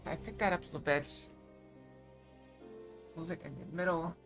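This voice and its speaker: A woman's voice: low-pitched, normal speed, gravelly, soft background music. A woman streaming a game live at her desk, chatting casually and poking fun at herself. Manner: chatty, self-mocking, rambling. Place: at a desk at home.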